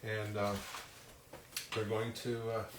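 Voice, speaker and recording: A man hosts a casual live cooking demo from his home kitchen, chatting self-deprecatingly and using many fillers. His lowish voice is completely flat and slow. The sound is roomy and distant, with loud clatter of cutlery, dishes and chopping in the background.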